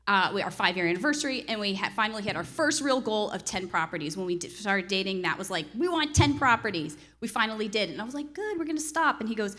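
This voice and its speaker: A woman in her thirties, a real estate investor, telling an animated story with laughter and acted-out quotes. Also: medium pitch, fast, hardly any pauses. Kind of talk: storytelling on a panel.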